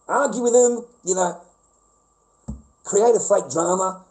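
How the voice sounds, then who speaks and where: An Australian man with a high voice rambles through a casual livestream, swearing nonstop and trading loud banter with callers in rowdy, unfiltered talk. He speaks at a measured pace with long pauses, and the audio quality is poor.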